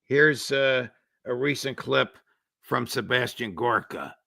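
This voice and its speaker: A man hosting an interview, asking measured, pointed questions and introducing clips. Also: mid-range voice, creaky, bright, forceful tone, dry recording, studio quality. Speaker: show host. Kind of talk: interviewing a guest.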